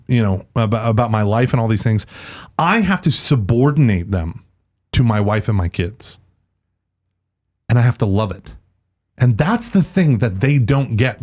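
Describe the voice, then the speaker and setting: A man chatting as a podcast guest, telling stories animatedly and often slipping into other people's voices. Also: medium pitch. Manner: animated storyteller, does voices and laughs often. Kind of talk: casual chat.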